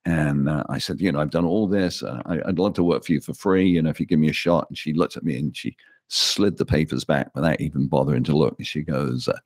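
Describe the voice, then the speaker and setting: An English man with a very deep voice spins anecdotes from his years in radio. He tells them as a relaxed, animated storyteller. The sound is dry and close, with no room echo. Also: fast talker, slightly rough. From England. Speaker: radio DJ guest. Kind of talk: casual storytelling interview.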